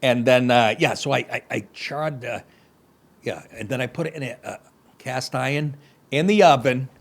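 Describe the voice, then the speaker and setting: A man's voice: mid-range voice, moderate pace, vocal fry. A middle-aged man hosting a comedy podcast, reading news stories aloud and breaking off into profane, sarcastic asides.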